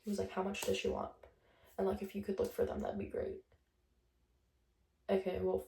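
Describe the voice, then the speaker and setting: A young woman rattles off a breakup story, chatty and blunt, with plenty of swearing. Her voice is gravelly and mellow. It carries a roomy echo, as if she is filming in a bare room. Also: mid-range voice, huge pitch swings, moderate pace, pauses often, distant mic. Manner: chatty, blunt, swears freely, laughs often. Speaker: vlogger. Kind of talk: casual storytime vlog.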